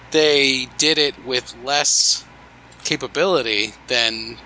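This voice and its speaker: A man's voice: mid-range voice, drawn-out words, sharp tone, slight background noise, low-quality recording. A man co-hosting a casual podcast, slangy and joking with his friends. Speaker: podcast co-host.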